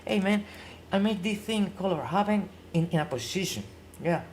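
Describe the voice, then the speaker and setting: On a live stream, a woman whose first language is Spanish rambles in non-native English, repeating phrases while she hunts for words and playing both sides of an imagined argument by tossing questions back at herself. Her fairly low, darkish voice is expressive and moves at a moderate pace, with slight background noise.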